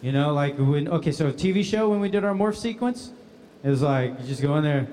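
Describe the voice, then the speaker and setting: A man's voice: a little high, brisk, long reverb tail, a little hiss or hum. A man answering fan questions at a convention panel in a casual, laughing storytelling manner. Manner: laughing, animated anecdotes acting out other voices.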